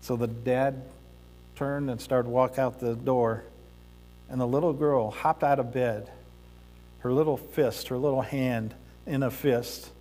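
A man preaching a sermon in a church sanctuary, speaking deliberately with pauses and the odd filler as he tells a story. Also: medium pitch, fairly even intonation, warm tone. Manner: slow, deliberate delivery with pauses and occasional fillers. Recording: reverberant church hall.

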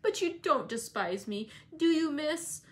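A woman's voice: high-pitched, lively intonation, a little slow, fairly bright tone, pitched above the performer's own voice. A woman reading aloud, voicing a sickly, peevish teenage boy who pleads and taunts. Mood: pleading.

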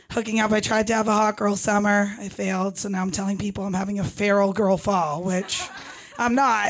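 A woman from Boston with a raspy, husky voice, doing a deadpan self-mocking stand-up set on a comedy club stage into a handheld mic. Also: mid-range voice. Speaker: stand-up comic.

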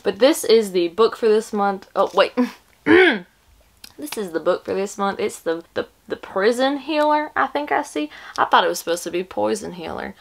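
A woman's voice: medium pitch, animated, normal speed, gravelly. A woman voicing a playful, exaggerated Southern US accent of her own invention, hamming up a folksy drawl. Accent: put-on Southern US.

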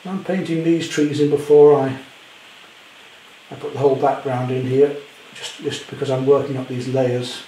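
Mellow-voiced man teaching painting. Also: medium pitch, steady tone, moderate pace, echoey room, slight background noise, low-quality recording. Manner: chatty, gentle self-deprecating humour. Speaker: art teacher. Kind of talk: painting demonstration. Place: indoor studio at home.

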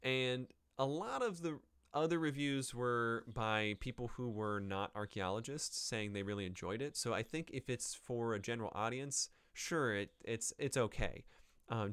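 A man's voice: medium pitch, fairly bright tone, clear, resonant tone, no room sound. A man hosting a podcast, chatting casually about a book with hesitant fillers, restarts and wry offhand asides. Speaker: podcast host. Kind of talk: casual book review chat.

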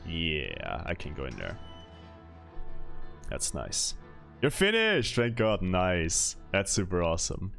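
Low-voiced man streaming a game. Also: creaky. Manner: chatty, reads chat aloud, laughs often. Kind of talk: casual gameplay commentary.

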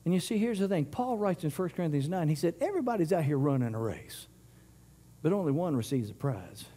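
A man preaching a sermon in church, impassioned, swinging between loud surges and quiet stretches, often stumbling and repeating words. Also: fairly high pitch, expressive, a little fast.

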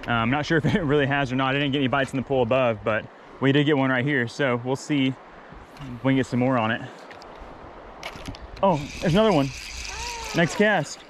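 A man vlogging while wading a mountain creek, casually explaining the water and getting excited over catches. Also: mid-range voice, brisk, long pauses, a little hiss or hum. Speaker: fishing vlogger. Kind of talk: casual outdoor fishing commentary.

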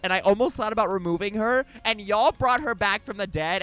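A man streaming a video game live, chatting with his viewers in an animated way, swearing freely and going off on dramatic mock rants. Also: high voice, brisk, few pauses, clear, resonant tone, faint music behind. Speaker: Twitch streamer. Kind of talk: live gameplay streaming chat.

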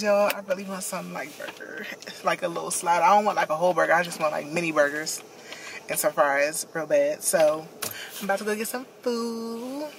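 A woman's voice: medium pitch, noisy background. A young woman vlogging casually to her phone camera, chatty and effusive, often saying "like" and "y'all". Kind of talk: casual vlog talk to camera.

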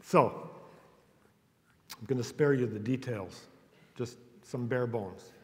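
A man, a university instructor, giving a public lecture with playful, chuckling asides to a live audience. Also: medium pitch. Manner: unhurried, playful, chuckling between points. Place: auditorium before a live audience. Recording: echoey hall with long reverb.

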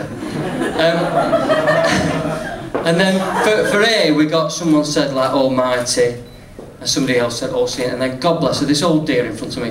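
A man with a Northern English accent telling a stand-up story, chatty, swearing freely and laughing at his own jokes. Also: medium pitch. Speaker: stand-up comedian. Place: comedy club stage with audience. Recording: roomy, distant live recording with noise.

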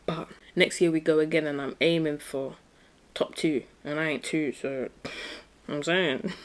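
A woman's voice: low voice, unhurried. A young woman hosting a casual solo podcast, chatty and playful, dropping slang and breaking into bits of song. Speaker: podcast host.

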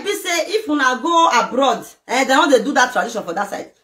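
A woman's voice: sits high, very animated, brisk, fairly bright tone. A middle-aged Nigerian woman in an emotional rant to camera, speaking Nigerian Pidgin English and firing off emphatic rhetorical questions. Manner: emphatic, fires rhetorical questions, mixes local language words. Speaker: vlogger. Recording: echoey room with faint noise.

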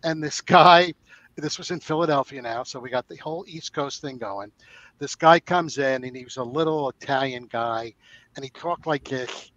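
A man's voice: medium pitch, moderate pace, fairly bright tone, dry recording, lo-fi sound. A man on a webinar panel, a former controller, telling jokey anecdotes from his career.

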